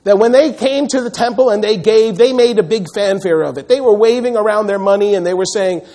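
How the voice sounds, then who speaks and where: A male pastor preaching a sermon in an animated way, acting out the voices he quotes and repeating words as he builds a point. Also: sits high, fairly quick, few pauses.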